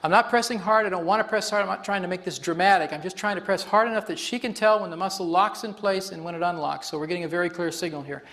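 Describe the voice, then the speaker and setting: A man's voice: high-pitched, quick pace, hardly any pauses, a bit bright. A man facilitating a live workshop demonstration on stage before an audience, explaining in a chatty way and laughing often.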